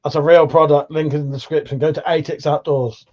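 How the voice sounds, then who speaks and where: Swearing streamer chatting. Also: male voice, a little high, fairly even intonation, a little fast, a little mellow, highs cut off. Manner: rambling, swears freely, laughs often. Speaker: livestream host. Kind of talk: casual livestream chat.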